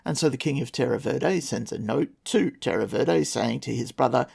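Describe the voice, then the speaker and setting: A man's voice: medium pitch, normal speed, vocal fry, hardly any pauses, a little mellow, slightly rough. A man casually retelling an old folktale with wry, sarcastic asides as a podcast host. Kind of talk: casual storytelling with commentary.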